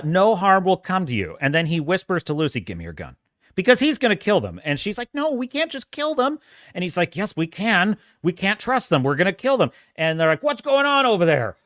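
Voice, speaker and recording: Animated, high-voiced male podcast host. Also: dry recording, studio quality. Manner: animated and emphatic, with frequent restarts and profanity. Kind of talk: casual pop-culture commentary.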